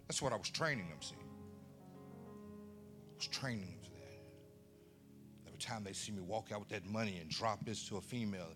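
Male preacher, storytelling sermon; animated and bright, quizzes the room directly. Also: fairly low pitch, a little fast, soft background music. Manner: animated storyteller who acts out family voices and quizzes the crowd. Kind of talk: storytelling sermon to a live audience.

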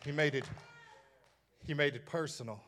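Male preacher with a high, bright voice, repeats himself for emphasis and slips into a chanting lilt. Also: moderate pace, slight background noise. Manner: emphatic, repetitive, swells into sing-song cadence. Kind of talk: sermon.

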